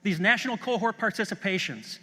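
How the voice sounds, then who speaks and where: High, bright-voiced man in a reverberant hall. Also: lively intonation, fairly quick. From Chicago, USA. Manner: enthusiastic anecdotal storytelling. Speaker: school superintendent. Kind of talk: conference keynote talk. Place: large conference hall.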